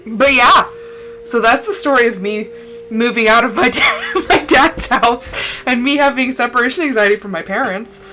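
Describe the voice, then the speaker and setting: A young woman streamer with a bright, forceful voice tells a personal story in a casual, tearful way. She talks a little high, and soft music plays behind her. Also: animated, moderate pace, low-quality recording. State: crying. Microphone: desk mic, no camera.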